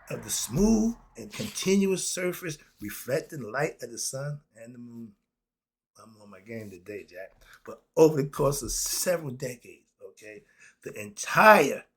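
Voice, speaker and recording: A husky-voiced man lectures passionately on history, laughing often as he swings from loud outbursts to quiet asides.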